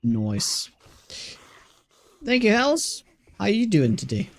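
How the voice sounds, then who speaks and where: A man live-streaming a video game, chatting casually with viewers, greeting and thanking them between quick reactions to the game. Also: sits high, wildly swooping pitch. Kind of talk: casual live-stream chat while gaming.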